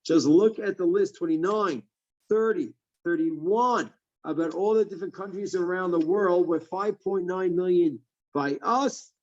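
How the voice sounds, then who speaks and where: A man giving a sermon as a rabbi, lively and asking and answering his own questions. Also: high voice, a little slow, dull audio.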